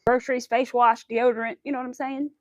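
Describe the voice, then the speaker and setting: A woman's voice: on the high side, flat delivery, fast, no echo, highs cut off. A young woman hosting a crochet livestream, chatting casually and rambling through stories with quoted asides. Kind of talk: casual chat while crocheting.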